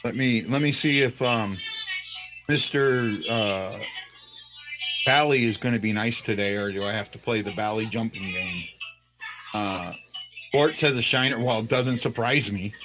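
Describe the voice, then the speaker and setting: A man's voice: on the low side, unhurried, pauses often, over music. A man hosting a casual sports chat, rambling with lots of fillers and restarts. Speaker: podcast host.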